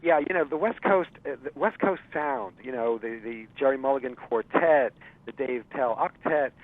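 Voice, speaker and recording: A man's voice: medium pitch, normal speed, no room sound. A man telling a long story as a guest on a radio interview, talking with lots of fillers and restarts. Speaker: interview guest, jazz writer. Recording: tinny phone-line sound.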